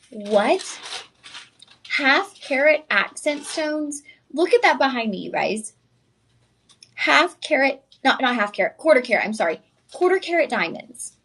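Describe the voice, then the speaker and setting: A woman's voice: on the high side, fairly bright tone. Effusive woman selling jewelry live. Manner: chatty, effusive, addresses viewers directly. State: tired. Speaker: shopping channel host. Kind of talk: live TV shopping presentation.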